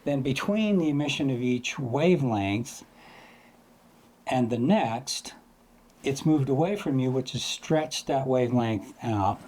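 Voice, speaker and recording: A man's voice: mid-range voice, expressive, a little slow, darkish tone. Chatty man explaining astrophotography. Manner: loose, chatty, imitates sounds to explain. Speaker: astrophotography educator. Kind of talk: casual explanatory lesson.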